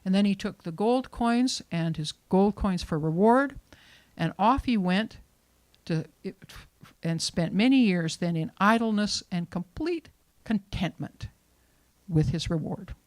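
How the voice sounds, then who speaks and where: A woman hosting a storytelling event, finishing a folk tale in a relaxed manner and introducing the next teller. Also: mid-range voice, measured pace, no room sound. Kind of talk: storytelling to a live audience.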